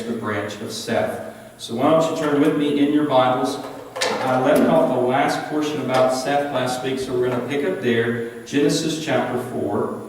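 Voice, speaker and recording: A man's voice: mid-range voice, darkish tone, a little hiss or hum. A man with a West Virginian accent, a pastor teaching a Bible study in an earnest, conversational way. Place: large church sanctuary. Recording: echoey hall, mic at a distance.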